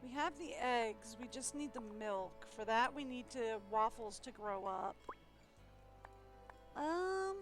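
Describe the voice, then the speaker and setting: Woman streamer, casual game commentary, rambling, high voice, slow pace, faint game music. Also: animated. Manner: musing, rambling aloud.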